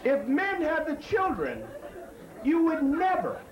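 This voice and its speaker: A man doing a profane stand-up routine on a club stage, swinging from high yelps to low mutters. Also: wildly swooping pitch, slow pace, noisy background. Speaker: stand-up comedian. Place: comedy club stage before live audience. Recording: echoey club with crowd laughter. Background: audience laughter.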